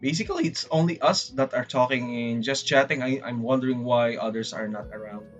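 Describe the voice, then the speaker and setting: A man with a Filipino accent chatting casually on a livestream, rambling and excitable, often saying "freaking". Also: mid-range voice, brisk, faint music behind. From Philippines. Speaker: VTuber streamer.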